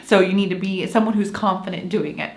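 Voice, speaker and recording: A woman co-hosts a relaxed board game review, talking freely and laughing often. Her voice sits at a middling pitch. The room around her is echoey. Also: brisk, gravelly. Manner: chatty, laughs often, bursts into playful sing-song announcer voice. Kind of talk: casual review chat.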